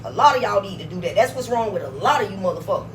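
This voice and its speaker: A woman ranting bluntly to her followers, swearing freely and swinging between low mutters and loud bursts. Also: lively intonation, very fast, far from the mic, slight background noise, low-quality recording. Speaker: vlogger. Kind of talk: profane rant to camera.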